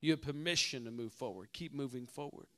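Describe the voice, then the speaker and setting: Bright-voiced man preaching a sermon. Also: medium pitch, fairly quick. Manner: storytelling, swings from hushed to shouting. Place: church conference hall.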